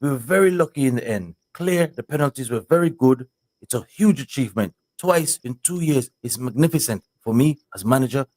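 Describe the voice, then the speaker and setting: A man's voice: medium pitch, lively intonation, brisk, darkish tone, dry recording, natural voice. A man putting on an impression of a defensive middle-aged football manager, in clipped, indignant press-conference phrases. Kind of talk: impression in a sports talk show.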